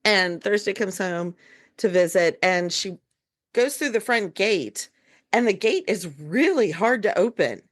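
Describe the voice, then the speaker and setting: A woman's voice: medium pitch, lively intonation, measured pace. Woman as podcast host, easygoing book chat, rambling and filler-heavy. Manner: chatty, full of fillers and asides. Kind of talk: casual book-club chat.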